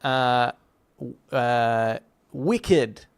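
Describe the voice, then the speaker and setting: A man's voice: mid-range voice, extremely slow, clean tone. An Australian man co-hosting a podcast, chatting casually and joking, laughing often. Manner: jokey, lively, laughs often. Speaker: podcast co-host. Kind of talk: casual chat.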